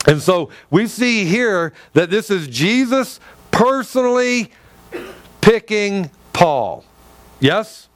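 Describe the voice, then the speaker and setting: High-voiced animated male preacher. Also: unhurried, no echo. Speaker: pastor. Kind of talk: sermon.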